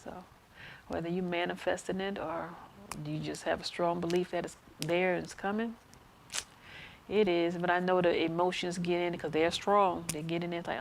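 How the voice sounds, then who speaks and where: Host: gravelly-voiced woman, lowish pitch, frank casual talk over light hiss. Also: little pitch movement, normal speed. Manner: frank, chatty, answers chat questions aloud. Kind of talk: casual live-stream chat.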